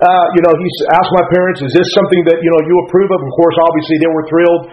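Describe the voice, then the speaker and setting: A man's voice: a little high, steady tone, very fast, muffled recording. A middle-aged man, a pastor telling his life story in a folksy, earnest way that keeps correcting itself, heard in a radio broadcast. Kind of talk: personal storytelling talk.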